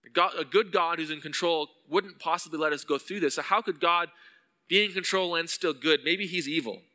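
Preaching with a fairly high, bright, forceful voice at a brisk pace, this pastor sounds earnest throughout. His reading of the psalms swells into pleading intensity, and a long reverb tail follows his words.

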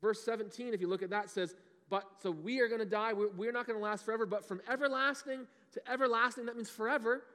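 A man in his thirties giving a lively children's sermon, often asking the kids questions. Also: high-pitched, fast talker. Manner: animated, asks the kids questions. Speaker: children's pastor. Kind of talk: kids' sermon. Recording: long hall reverb.

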